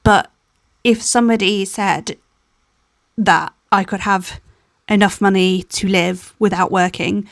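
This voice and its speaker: A woman's voice: medium pitch, steady tone, slow pace, long pauses, no room sound, clean studio sound. A young woman in a candid, rambling personal voiceover, sounding tired and stopping to restart her thoughts. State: tired, yawning. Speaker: planner vlogger.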